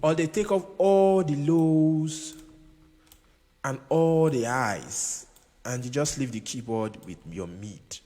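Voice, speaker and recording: A man with a slightly high, mellow voice speaks slowly during a relaxed music production tutorial, playing a keyboard as he goes. He tends to repeat himself and check for understanding. A long reverb and keyboard music sit behind his voice.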